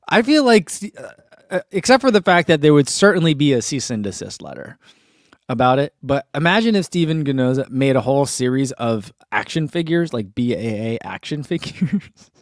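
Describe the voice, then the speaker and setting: A man's voice: a little high, animated, moderate pace, no room sound, clean studio sound. A man in his thirties hosting a live stream, reading out viewer comments and chatting casually with lots of fillers and restarts. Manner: chatty, rambling, with fillers and laughs.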